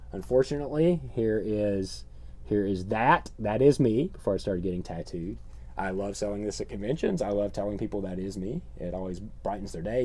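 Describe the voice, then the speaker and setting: A middle-aged man hosting a horror channel, talking through his collection in a rambling, sardonic show-and-tell monologue full of deadpan jokes. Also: lowish voice.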